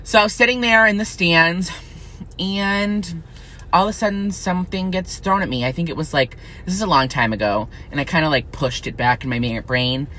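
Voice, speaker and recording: A young man in college, venting in a profane, angry, unfiltered rant to camera that swings into high, shrill outbursts. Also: moderate pace, sharp tone, a little hiss or hum. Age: young adult. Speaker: vlogger.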